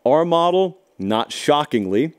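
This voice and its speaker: A man's voice: on the high side, a little slow. Emphatic man breaking down a football game. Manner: animated, emphatic, sarcastic asides. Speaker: college football show host. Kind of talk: solo sports analysis talk.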